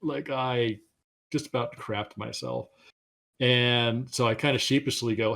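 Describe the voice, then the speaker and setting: A man's voice: medium pitch, normal speed. A middle-aged man, a game designer being interviewed, telling stories in a casual, rambling, self-deprecating way and sometimes tripping over his words.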